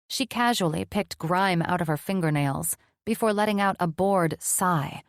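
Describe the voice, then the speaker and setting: A woman narrating a fantasy romance audiobook in a measured, even reading. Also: fairly low pitch, no room sound, clean studio sound. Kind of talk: scripted narration.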